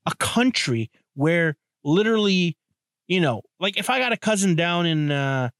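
A man's voice: high-pitched, sing-song, a little slow, a bit bright, clear, resonant tone, no room sound. Chatty, rambling man, dry and close. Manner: loose, rambling and profane, with many restarts and "you know". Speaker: podcast host. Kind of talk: casual solo podcast monologue.

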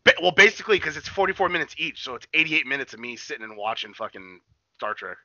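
A man talks quickly with a lot of swing in his pitch, his voice bright and sharp. He jokes and swears freely as a casual podcast co-host. The sound is dry and somewhat lo-fi. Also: dry recording. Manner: excitable, joking, swears a lot, calls his friend buddy. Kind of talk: casual chat.

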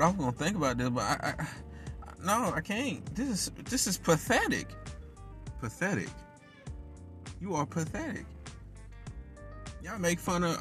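High, bright-voiced man ranting angrily. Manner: heated, swearing, bursts into shouting. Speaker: podcast host. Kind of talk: angry profane rant.

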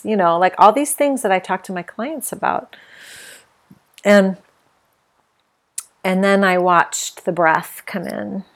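Candid woman speaking softly, low-pitched. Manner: candid, emotional, with many fillers. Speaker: podcast host. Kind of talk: reflective personal monologue.

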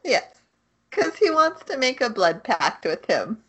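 A woman's voice: on the high side, big pitch swings, unhurried, a bit bright, husky. Matter-of-fact woman podcast co-host. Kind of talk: casual chat recapping an anime.

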